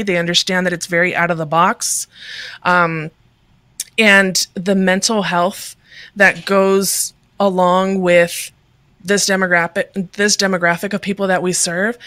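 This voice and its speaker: Bright earnest woman on a call. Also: lowish voice, no echo. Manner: earnest, conversational, many fillers. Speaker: guest, ministry leader. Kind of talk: casual video-call interview.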